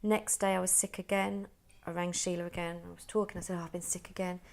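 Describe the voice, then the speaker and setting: A woman's voice: lowish voice, level tone, fast talker, creaky. A woman who is a podcast guest, vividly retelling a personal story and acting out the people in it. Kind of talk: personal conversation.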